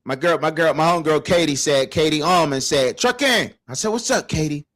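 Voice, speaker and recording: A man hosting a casual sports talk show, animated, laughing and exclaiming often. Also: a little high, a little fast. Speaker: show host.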